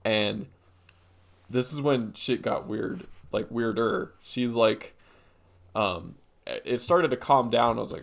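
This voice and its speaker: With a gravelly, medium-pitched voice at a measured pace, a young podcast co-host chats casually. He spins a meandering story packed with fillers.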